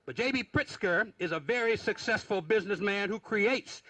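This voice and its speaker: A man delivers a rally speech built on rhythmic, repeated rhetorical lines, then introduces a candidate. His voice is very high and bright, and the sound is dry and close. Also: lively intonation, moderate pace, no room sound. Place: outdoor rally on capitol grounds.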